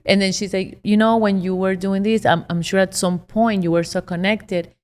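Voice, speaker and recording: A woman's voice: mid-range voice, fairly even intonation, normal speed, darkish tone. A woman's voice fills a room with a long reverb tail as she shares a personal story. She is heartfelt and emotional, on the edge of tears. She keeps going in a candid, casual way. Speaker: podcast co-host. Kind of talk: casual podcast conversation.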